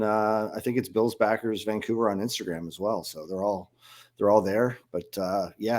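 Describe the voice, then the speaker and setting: Man, from Canada, fan club guest, easygoing, low voice. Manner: easygoing, many fillers. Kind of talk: casual chat.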